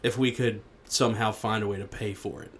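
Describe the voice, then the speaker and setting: A man's voice: fairly low pitch, steady tone, a little fast, a little hiss or hum. A young man, a guest on a casual podcast, who answers in brief, easygoing replies. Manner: laid-back, short replies. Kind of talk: casual chat.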